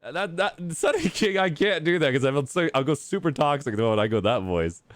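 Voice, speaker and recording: A young man streaming, chatting casually with friends on voice chat, excitable and rambling. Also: on the high side, fairly quick, no room sound. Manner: excitable, laughs often, rambling.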